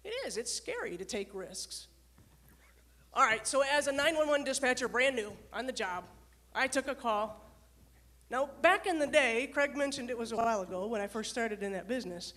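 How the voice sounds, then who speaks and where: A leadership coach delivers a lively motivational talk before a live audience, putting questions to the crowd and sharing stories from her time as an emergency dispatcher. Her voice is a little high and she speaks at a normal speed.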